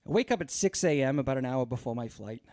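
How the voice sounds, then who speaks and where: A man's voice: medium pitch, lively intonation, fast talker, mellow. A man hosting a podcast, telling a long, exasperated story in a casual, profane way full of fillers. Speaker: podcast host.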